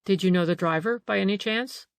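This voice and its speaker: A woman voicing a calm male police detective in an audiobook, pressing with questions. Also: medium pitch, a little fast, creaky, no room sound, close to an everyday voice. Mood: probing. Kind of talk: audiobook character reading.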